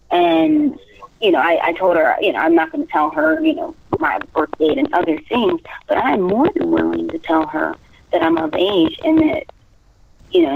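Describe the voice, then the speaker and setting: On a recorded phone call, a woman with a fairly high, creaky, husky voice begins hesitantly, then insistently explains her point in casual conversation. The tinny phone line carries no room sound.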